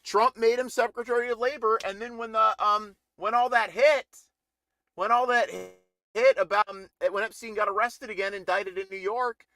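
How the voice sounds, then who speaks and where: A man's voice: high voice, steady tone, moderate pace, few pauses, bright, forceful tone, no room sound. A middle-aged man ranting in a casual political live stream, rambling and indignant with many restarts.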